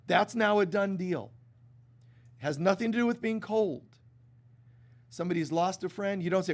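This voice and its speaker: A man's voice: sits high, measured pace, gravelly, long pauses. A man giving a sermon to a live congregation, talking casually and animatedly, acting out little quoted exchanges. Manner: conversational and animated, with many restarts and acted-out quotes. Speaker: spiritual teacher. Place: stage before a live congregation.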